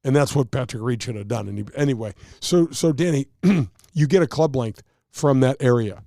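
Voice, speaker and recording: A man's voice: medium pitch, normal speed, mellow, dry recording, studio quality. A man, a touring golf pro, explaining rules and telling stories in a casual chat, acting out quotes and laughing at himself.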